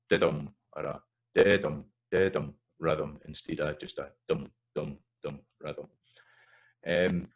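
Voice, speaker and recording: A Scottish man with a very deep, low voice gives a lesson over slides. He teaches in an explanatory way and stops often to say example words and sound out rhythms. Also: low-quality recording. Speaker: language teacher.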